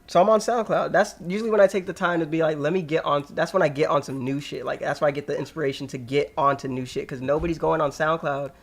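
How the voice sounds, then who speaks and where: A young man with a slightly high, gravelly voice chats in loose, slangy podcast talk. He tells stories with lively energy and laughs often along the way. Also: fast talker, hardly any pauses. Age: young adult. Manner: slangy, laughing, animated storytelling. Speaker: podcast co-host. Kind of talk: casual chat.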